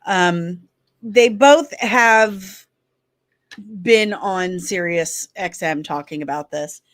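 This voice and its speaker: A woman's voice: lowish voice, slow. A woman hosting a show, chatting casually and rambling while she searches her notes. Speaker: host. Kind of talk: casual chat.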